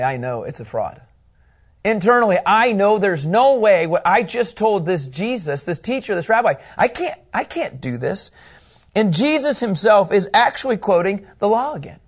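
A man teaching a Bible class, animated and asking his students questions as he goes. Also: sits high, moderate pace, breathy edge.

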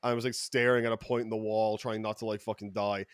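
A man with an Irish accent telling stories on a casual podcast, animated and profane, with sudden loud bursts. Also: on the low side, fast talker, smooth, no echo, studio quality. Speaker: podcast co-host.

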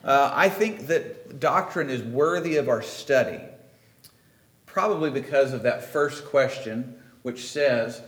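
Speaking slowly in a medium-pitched, slightly bright voice, a man preaches a sermon in a church, with roomy echo in the recording. His delivery is conversational and emphatic, and he checks in with the congregation by asking them questions.

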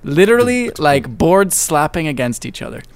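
A man co-hosting a podcast in casual chat, excitable and slangy with plenty of swearing. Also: on the high side, moderate pace. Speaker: podcast co-host.

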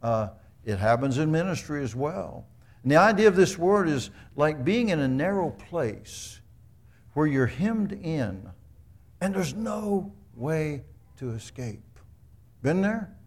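A man's voice: on the high side, very animated, slow pace. A man preaching a sermon in a conversational, storytelling way, asking the congregation rhetorical questions. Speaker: pastor.

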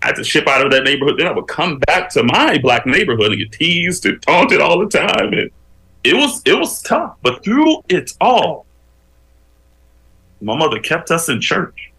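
A man, a guest on an interview show, telling his life story with animated, preacherly emphasis that climbs as he builds a point. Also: mid-range voice, vocal fry, poor audio.

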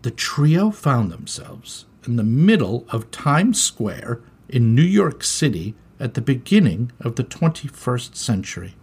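A man reading a children's story aloud in an expressive, animated way. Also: medium pitch, a little slow, hardly any pauses, husky.

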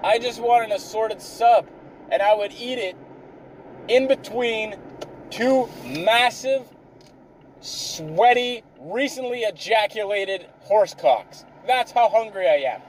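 A man's voice: sits high, expressive, slow pace, recorded from a distance, a little hiss or hum, rough recording. A man telling a comic story in a rambling, exasperated way, swearing constantly.

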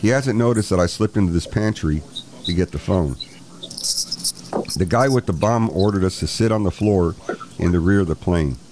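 A man reading as an urgent, hushed airline passenger. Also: low voice, moderate pace, long pauses, background noise, natural voice.

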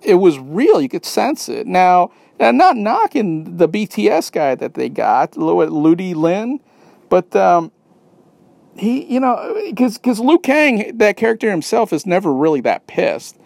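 Male podcast host, a touch higher-pitched than most, dry close sound, casual rambler who swears and restarts often. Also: sing-song, unhurried, vocal fry, a little mellow, no room sound. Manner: rambling, profane, many restarts and fillers.

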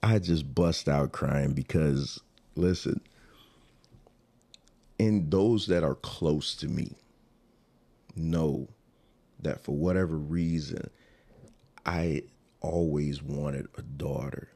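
A man's voice: rumbling low, slow pace, pauses often, warm tone. A man telling an emotional personal story in a rambling, casual way, repeating himself and restarting sentences.

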